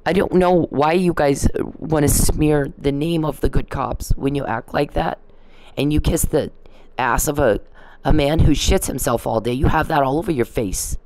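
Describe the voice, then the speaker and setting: A woman's voice: low voice, moderate pace, darkish tone, slight background noise. A woman vlogging in a rambling, indignant to-camera rant, swearing freely.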